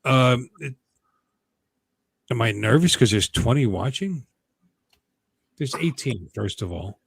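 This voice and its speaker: A man's voice: medium pitch, expressive, slow pace, creaky, breathy edge, no room sound. A man hosting a casual livestream chat from home, rambling and joking, often stopping himself mid-sentence. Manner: rambling, jokey, self-interrupting. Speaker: host.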